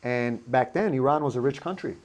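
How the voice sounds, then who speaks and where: A man hosting an interview in a casual way, with halting starts and fillers like "you know". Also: medium pitch. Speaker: host.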